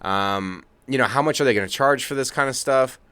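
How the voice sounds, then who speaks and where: A man co-hosting a relaxed podcast with a smooth, resonant voice. The sound is dry and close, with no room around him. He talks in a loose, rambling way and laughs easily. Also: medium pitch, a little fast, dry recording. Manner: laid-back, chuckling, rambling asides. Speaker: co-host. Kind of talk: casual podcast chat. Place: home studio, remote from co-host.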